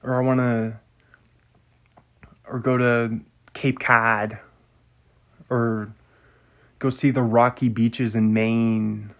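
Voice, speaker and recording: Laid-back guy podcasting, slow rambling talk, trails off a lot. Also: medium pitch, flat delivery, a bit bright. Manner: rambling, musing, trails off mid-sentence. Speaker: podcast host. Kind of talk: casual chat.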